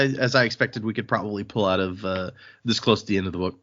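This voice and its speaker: A man hosting a casual book-discussion podcast, his voice sitting on the low side. He chats loosely with his co-hosts and reads listener emails aloud. The audio is muffled and lo-fi. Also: steady tone, fast talker, a bit bright. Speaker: podcast host.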